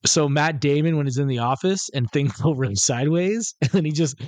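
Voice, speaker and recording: A man's voice: fairly high pitch, fairly quick, darkish tone, no echo. A man co-hosting a podcast, telling a rambling, profane story and acting out the quotes. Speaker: podcast co-host. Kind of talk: casual storytelling chat.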